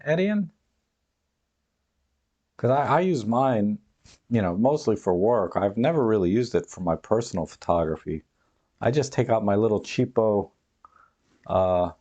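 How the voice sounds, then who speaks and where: Chatty man with a mellow voice. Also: on the low side, lo-fi sound. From United States. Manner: rambling, chatty, laughs often. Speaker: live stream host. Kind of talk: casual chat reading viewer comments. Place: home, dog nearby.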